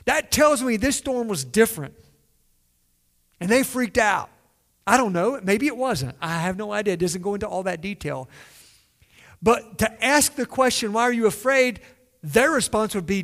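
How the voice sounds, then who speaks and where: A pastor preaches conversationally in a high, animated, fairly bright voice at a moderate pace, posing questions to listeners and acting out the lines he quotes.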